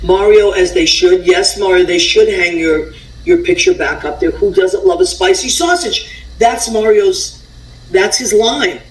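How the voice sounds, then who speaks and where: A woman's voice: mid-range voice, unhurried. A woman hosting a radio show, chatting in a gushing, rambling way from a friend's house. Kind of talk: casual radio chat. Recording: echoey, distant from the mic.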